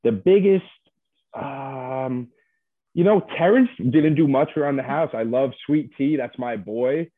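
A man's voice: medium pitch, measured pace, no room sound. A man who was a reality show contestant, chatting casually and rambling loosely with lots of fillers as he is interviewed over a call. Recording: dry tinny phone line.

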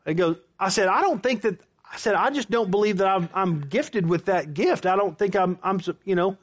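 High-pitched guy preaching, storytelling sermon, acts out the dialogue. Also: a little fast. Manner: storytelling, animated, with quoted back-and-forth. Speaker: pastor.

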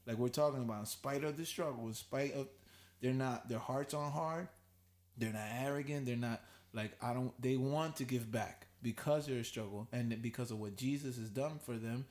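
Male podcast host, casual round-table chat, animated, laughs a lot. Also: mid-range voice, normal speed. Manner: animated, laughs easily, mock voices when quoting.

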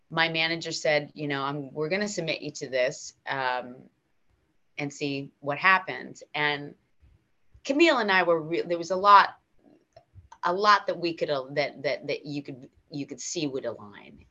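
An American woman, a guest actor, telling stories in a casual interview, animated and emotional with many restarts. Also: deep voice, a little slow, dull audio. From United States.

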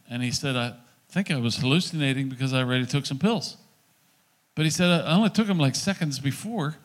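A middle-aged male pastor telling a story in a sermon, acting out the dialogue in an animated preaching voice. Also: medium pitch.

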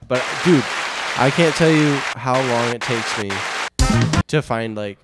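A man's voice: medium pitch, measured pace, over loud music, over a noisy crowd. Chill young guy guest, medium voice, easygoing storyteller. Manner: laid-back, chatty storyteller, laughs often. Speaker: podcast guest. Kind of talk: casual chat.

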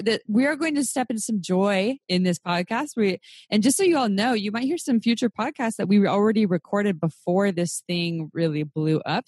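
A young adult woman hosting a podcast in casual chat, animated and cursing, her pitch jumping sharply. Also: dry recording, studio quality. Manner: animated, swearing, quick pitch jumps. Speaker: podcast host.

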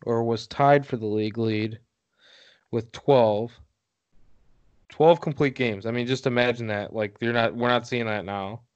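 A man's voice: medium pitch, clear, resonant tone, lo-fi sound. A man co-hosting a podcast, chatting casually, rambling through stats and laughing often. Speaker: podcast co-host. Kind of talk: casual chat.

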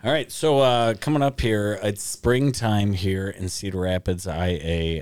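Low-ish guy hosting a podcast, jokey, close dry studio mic. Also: steady tone, a little slow, few pauses, darkish tone, smooth, dry recording. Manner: joking, laughs often. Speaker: podcast host. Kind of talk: casual chat.

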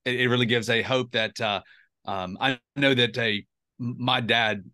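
A man hosting a podcast, speaking in a halting way with restarts. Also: medium pitch, steady tone, sharp tone, dry recording, studio quality. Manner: halting, with restarts and a cleared throat. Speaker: podcast host. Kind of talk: casual interview talk.

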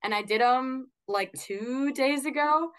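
Young woman guest with a Minnesotan accent, chatty and relaxed, filler-heavy. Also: high voice, a little slow, smooth. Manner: chatty, laughs easily, lots of "like". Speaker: podcast guest. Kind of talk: casual chat.

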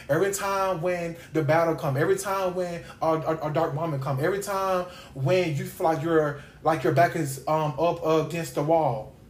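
A woman's voice: on the low side, slight background noise. Emphatic woman preaching in an echoey room. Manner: emphatic, repetitive preaching cadence. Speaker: podcast host leading Bible study. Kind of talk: informal devotional teaching.

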